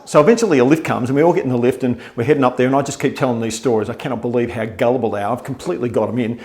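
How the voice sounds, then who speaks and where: An Australian man casually telling a wry, tall-tale story in a relaxed way. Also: medium pitch, racing.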